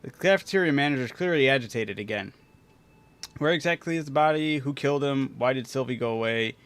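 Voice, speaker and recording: A man's voice: mid-range voice, quick pace, fairly bright tone, clean tone. A man playing a video game, casually reading its text aloud and chatting, laughing often. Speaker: gaming streamer.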